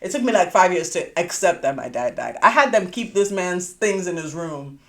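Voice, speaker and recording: Animated woman host, echoey room. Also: fairly low pitch, moderate pace. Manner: animated storyteller, swears casually, reacts loudly. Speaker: podcast host. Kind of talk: casual chat.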